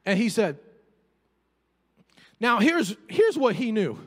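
High, lively-voiced man preaching. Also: slow pace, pauses often, long reverb tail. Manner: animated preaching with humorous asides and calls to the congregation. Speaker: pastor. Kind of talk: sermon. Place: church sanctuary.

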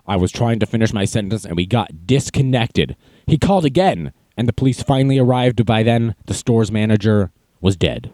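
A young man hosts a podcast, telling stories in a casual, self-mocking way. His pitch swings widely as he talks, and he jumps into a high voice to act out quotes. The sound is dry and close. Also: expressive, moderate pace, a little mellow, no room sound. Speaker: podcast host. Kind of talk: casual storytelling monologue.

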